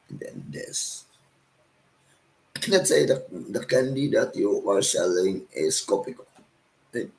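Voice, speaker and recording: Cebuano-accented man, street vendor, low voice, lively ups and downs, chatty, keeps asking his viewers "right?". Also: creaky, rough recording. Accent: Filipino, Cebuano. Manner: ends sentences with "right?" and "guys". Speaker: street vendor teaching his selling calls. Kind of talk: casual talk to viewers.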